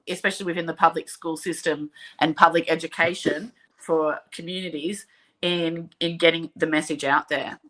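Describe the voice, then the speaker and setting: An Australian woman hosting a casual chat, talking in an animated way and often trailing off mid-sentence. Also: lowish voice. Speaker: host.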